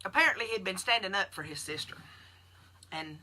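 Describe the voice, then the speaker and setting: A nurse who runs a keto support group tells folksy stories straight to her followers on a live video. Her voice sits at medium pitch and comes across animated, brisk, pushed and bright.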